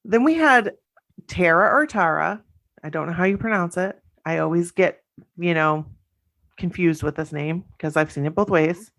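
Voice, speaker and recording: A woman's voice: lowish voice, normal speed, fairly bright tone. A woman co-hosting a casual podcast, gushing and chatty as she reads out listener stories. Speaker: podcast co-host.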